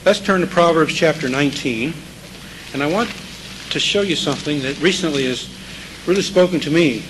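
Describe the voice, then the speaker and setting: A man's voice: fairly high pitch, a bit bright, slight background noise, low-quality recording. A man preaching a sermon in a conversational way, checking in with his listeners and repeating key scripture phrases for emphasis.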